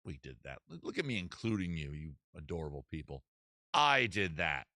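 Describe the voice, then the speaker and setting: Brief: man, comedy stream host, lively and animated pitch, bright tone, rambling and self-mocking. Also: fairly quick, no room sound, clean studio sound. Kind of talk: comedy livestream chat.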